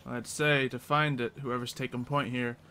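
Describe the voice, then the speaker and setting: A man's voice: mid-range voice, level tone, moderate pace, noisy background. A man narrating a tabletop game as game master, in a loose style full of fillers.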